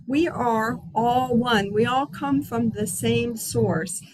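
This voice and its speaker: A woman hosting a spiritual healing circle over a video call from her outdoor patio, talking in a gentle, unhurried, chatty way. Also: a little high, low-quality recording.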